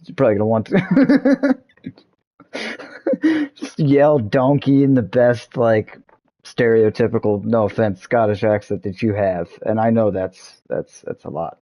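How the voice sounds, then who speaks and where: Doing let's-play commentary for his gaming channel, a young man rambles, jokes, laughs a lot, and swears often. He speaks a little slowly in a lowish voice, and the recording has its highs cut off.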